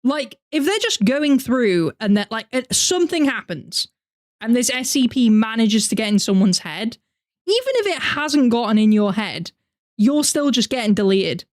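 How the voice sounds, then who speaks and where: A woman's voice: a little high, big pitch swings, normal speed, darkish tone. A young woman with a northern English accent, chatting animatedly on a live reaction stream and answering her chat. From north of England. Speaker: VTuber streamer.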